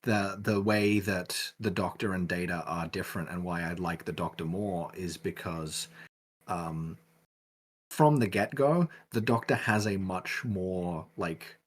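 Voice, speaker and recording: A man's voice: low voice, measured pace, breathy edge. A man chatting casually as a podcast guest, rambling with lots of fillers and restarts.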